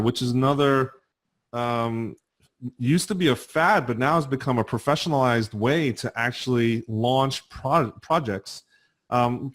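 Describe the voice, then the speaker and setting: A male podcast host with a New Jersey accent talks in an easy, conversational way. He frames long questions and fills the gaps with ums. His voice sits at an ordinary middle pitch. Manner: conversational, asks long questions with many fillers. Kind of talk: casual interview.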